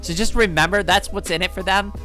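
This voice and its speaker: Soft music plays under this woman's fairly bright, medium-pitched voice, which stays steady in tone and moves fairly quickly. A chatty live streamer, she hands out friendly advice playfully, laughs a lot, and keeps saying "like" and tagging lines with "right?".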